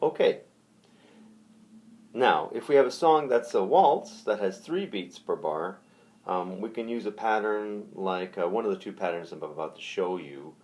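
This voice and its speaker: A man teaching ukulele patterns in a relaxed, hesitant way, counting the beats aloud. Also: on the low side, measured pace. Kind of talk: casual music lesson. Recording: ukulele music under the voice. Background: ukulele playing.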